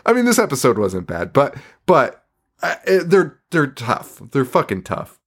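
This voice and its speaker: Animated, profane man on a podcast. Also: mid-range voice, slow pace, pauses often, breathy edge. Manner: profane, sarcastic, laughs often. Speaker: podcast co-host. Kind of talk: casual chat.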